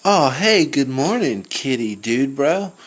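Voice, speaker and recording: A man's voice: mid-range voice, sing-song, slow pace. A man voicing a dopey surfer-dude young man in a homemade cartoon, calling everyone dude and bro in slangy talk.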